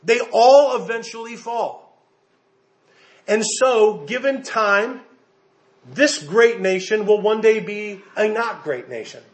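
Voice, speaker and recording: High-voiced American pastor preaching animatedly. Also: male voice, slow. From United States. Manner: animated, emphatic, jokes with the congregation. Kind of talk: sermon.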